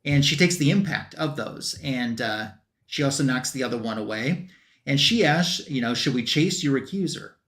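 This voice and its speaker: Male host for a comic book chat show: easygoing, rambling recap full of fillers, medium pitch. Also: expressive, moderate pace, fairly bright tone. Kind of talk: casual comic book recap on a panel stream.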